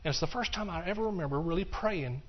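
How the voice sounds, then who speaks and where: Earnest older preacher. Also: male voice, sits high, fast. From Texas. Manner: earnest, repetitive, with quiet hushed stretches and rising passionate bursts. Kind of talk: testimony sermon. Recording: dull lo-fi recording.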